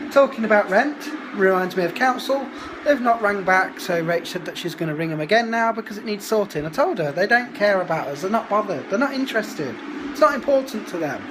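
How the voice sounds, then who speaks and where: A man's voice: high-pitched, animated, a little fast. Family vlogger in his 30s, casual chatty grumbling, phone-recorded at home with faint hiss. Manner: chatty, grumbling, indignant asides. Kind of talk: casual vlog chat. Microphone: phone held at arm's length.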